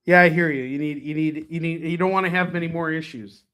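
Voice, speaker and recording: A man hosting a live shopping stream, chatting casually with viewers by name and pitching items between self-mocking jokes. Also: fairly even intonation, fast, pushed and bright.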